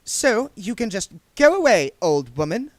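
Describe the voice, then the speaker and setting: A man voicing a scornful, condescending young female witch in a storybook reading, slow and cutting. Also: sits high, big pitch swings, no echo, pitched above the performer's own voice.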